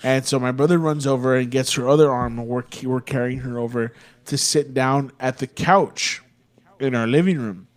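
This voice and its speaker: A laid-back young man from Texas, co-hosting a podcast, wanders through a story full of swearing. His voice sits at an ordinary mid pitch, and he never seems in a hurry, staying easygoing throughout.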